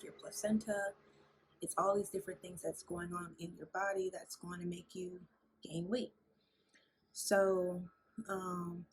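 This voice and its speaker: This is a young woman vlogging from her home, her voice sitting a little low with a soft, breathy edge. She tells her story candidly, full of fillers and restarts. Behind her, a fan hums and men shout over a video game. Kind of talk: casual chat. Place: at home indoors. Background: fan noise and men playing a video game.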